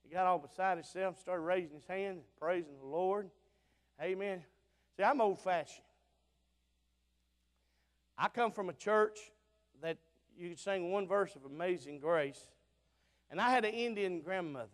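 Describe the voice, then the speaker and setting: Southern preacher guy, high voice, fired up then quiet, mic'd up in a big echoey church hall. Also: measured pace, pauses often. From Alabama. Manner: fervent, plain-spoken, swings between loud bursts and soft asides. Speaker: visiting preacher. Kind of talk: revival sermon. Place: church auditorium. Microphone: church sound system mic. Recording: long auditorium reverb.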